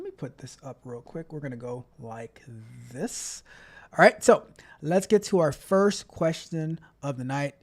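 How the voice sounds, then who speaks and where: A man hosting a live stream, chatting casually, reading out chat messages and repeating himself as he talks. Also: fairly high pitch. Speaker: livestream host.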